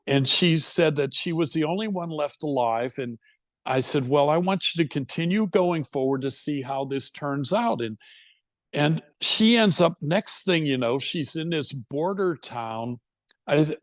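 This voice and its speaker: A man with a fairly high voice recounts a session in a loose, rambling way. He acts out his own lines and his client's as he tells it. The sound is dry and close. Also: no room sound. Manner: rambling storyteller, quoting himself and clients. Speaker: hypnotherapist speaker. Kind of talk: recounting a case at a talk.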